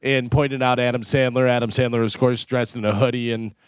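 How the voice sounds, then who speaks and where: A man's voice: medium pitch, brisk, clean tone, no echo. A man co-hosting a morning radio show, telling anecdotes with animation and mimicking the people he talks about. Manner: animated storyteller, mimics celebrities. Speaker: radio co-host. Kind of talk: casual morning radio banter. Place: radio studio.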